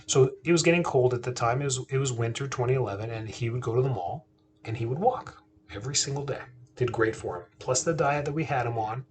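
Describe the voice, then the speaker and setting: A man's voice: medium pitch, fast, slight background noise. A man, a chiropractor and podcast host, telling a family story in a casual, earnest, conversational way. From Canada. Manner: earnest, conversational, quotes himself and his father.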